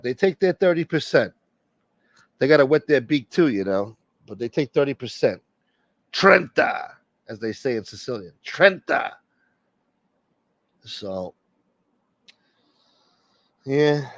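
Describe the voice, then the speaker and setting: A man's voice: medium pitch, darkish tone, dry recording. A man hosting a casual live stream, joking and swearing as he greets viewers by name and asks for support. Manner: profane, joking, reading out viewer names. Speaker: livestream host.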